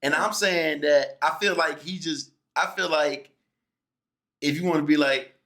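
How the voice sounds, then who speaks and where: A man hosting a casual podcast chat, talking in an animated way, often restarting and repeating his words. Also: a little high, unhurried. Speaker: podcast host.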